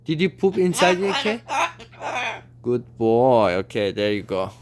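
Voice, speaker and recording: A woman's voice: very deep voice, very animated, unhurried, crowd noise. A woman at home talking to her pet birds in coaxing baby talk, chatting casually with her partner. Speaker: pet bird owner.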